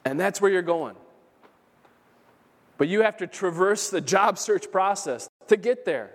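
A man's voice: high voice, animated, measured pace. A man pastor preaching an earnest, emphatic sermon in a church, repeating key phrases for emphasis. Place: church sanctuary. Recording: long hall reverb.

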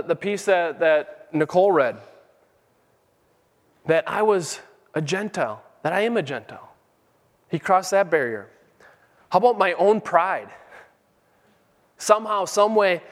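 A man's voice: high-pitched, normal speed, long pauses, fairly bright tone. A middle-aged man preaching a sermon with fervent, emphatic peaks. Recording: long hall reverb.

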